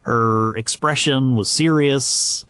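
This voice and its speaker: A man narrating a scripted history documentary in a measured way, with occasional stumbles and fillers. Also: medium pitch, fairly bright tone, no echo, studio quality.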